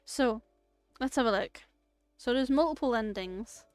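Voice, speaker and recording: Woman streamer, live game commentary, chatty, swears casually, higher voice. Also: measured pace, a little mellow, clean tone, no echo, faint music behind.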